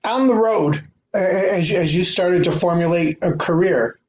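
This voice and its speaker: A man hosting a casual interview over a video call, speaking haltingly with frequent filler sounds. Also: sits high, darkish tone, muffled recording, slight background noise. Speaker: venue director, interview host.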